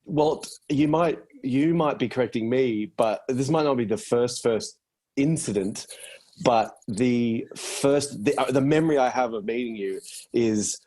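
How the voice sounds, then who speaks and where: A man with an Australian accent, a podcast guest in casual chat, telling stories in a quick, self-deprecating way. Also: mid-range voice, darkish tone.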